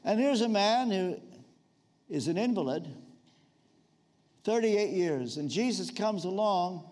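A man's voice: animated, takes it slowly, a little mellow. An older man preaching a sermon, telling stories and dropping his voice to act out the quotes. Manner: storytelling, acts out quotes in lowered voice.

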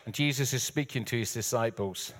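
A man's voice: mid-range voice, a little fast, long reverb tail. An older man, a guest preacher, giving a sermon with joking, self-deprecating asides. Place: church hall.

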